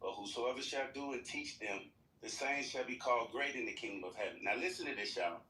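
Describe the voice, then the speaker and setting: A man's voice: medium pitch, fairly quick, pushed and bright. A man reading scripture aloud and commenting on it with folksy fervor. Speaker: speaker in an online voice room. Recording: echoey, distant, faint hiss.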